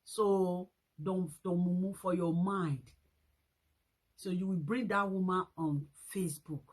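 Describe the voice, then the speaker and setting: A woman's voice: fairly low pitch, fairly even intonation, slow pace, low-quality recording. A Nigerian woman vlogging a scolding rant, repeating her points and mixing in pidgin slang. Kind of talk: ranting commentary vlog.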